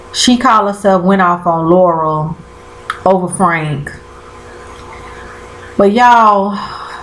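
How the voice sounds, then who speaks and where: Animated woman, echoey bedroom vlog. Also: on the low side, slight background noise. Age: 30s. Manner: animated, exclaiming, addresses viewers as y'all. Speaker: vlogger. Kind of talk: casual chat recapping a TV episode. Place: bedroom at home.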